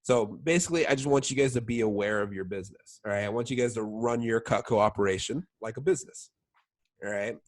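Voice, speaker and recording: A man's voice: fairly low pitch, fast talker. A young man coaching his sales team in a casual training talk, full of "like" and "all right?" check-ins. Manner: filler-heavy, keeps checking in with "all right?".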